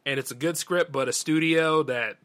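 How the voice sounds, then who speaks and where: A man's voice: moderate pace, a bit bright. A man from the Southern US with a light drawl, hosting a podcast and delivering an opinionated, emphatic rant. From Southern United States. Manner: ranting, emphatic, mimics others in a high voice. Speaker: podcast host. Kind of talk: opinionated monologue.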